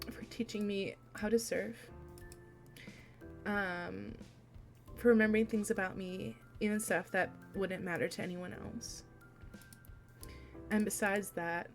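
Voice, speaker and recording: A young woman streamer reading a romance visual novel aloud, soft and unhurried, with frequent fillers and light laughs. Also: mid-range voice.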